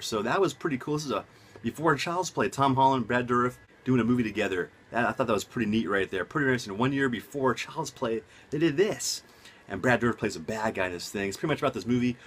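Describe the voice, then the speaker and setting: A young man, casually reviewing movies at home, rambling and excitable with lots of side notes. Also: mid-range voice, husky. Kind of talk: casual enthusiastic vlog. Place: home room.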